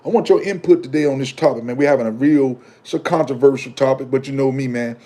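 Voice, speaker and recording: A man's voice: medium pitch, quick pace, warm tone. A man giving a casual, emphatic monologue to his viewers, preaching and repeating his points, speaking in loose slang and answering commenters. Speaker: vlogger.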